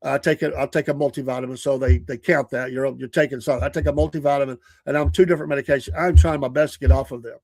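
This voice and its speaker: A man's voice: mid-range voice, fairly even intonation, racing, hardly any pauses, darkish tone, dry recording, clean studio sound. A man in his sixties with a Southern accent, hosting a morning show in a rambling, earnest chat with restarts and chuckles. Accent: Southern American. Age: 60s. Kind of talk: casual livestream chat.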